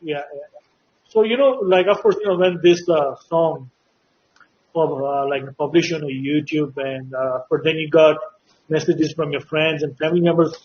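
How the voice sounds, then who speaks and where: A talk show host with a voice on the high side conducts a casual interview at a moderate pace, his questions rambling and full of "like" and "you know." The audio is dull and lo-fi.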